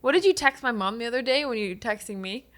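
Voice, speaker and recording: A woman co-hosts a relaxed chat in a high, bright voice. She talks in a chatty, teasing way and laughs easily at her partner's stories. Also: quick pace. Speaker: podcast co-host. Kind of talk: casual chat.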